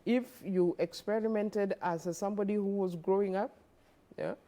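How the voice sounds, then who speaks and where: A woman's voice: mid-range voice, fairly even intonation, moderate pace, dark tone. A woman, a guest expert on a studio television interview, explaining earnestly and often repeating words as she advises parents.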